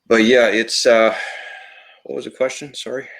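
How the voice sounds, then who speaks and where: A man's voice: mid-range voice, flat delivery, moderate pace, gravelly, a bit bright. A man, co-founder of a toy company, talking in a casual podcast conversation in a rambling, reflective way with many fillers.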